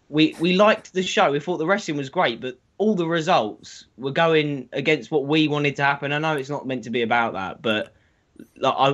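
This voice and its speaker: A man's voice: mid-range voice, fairly bright tone, muffled recording. Joking guest man. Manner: joking, casual. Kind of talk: casual podcast chat.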